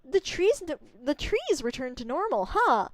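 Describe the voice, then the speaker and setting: A woman voicing a tiny, cocky male wandering artist who brags loudly and gets excited fast, reading game dialogue aloud. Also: sits high, voice pushed up. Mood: puzzled. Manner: brash, bragging, excitable.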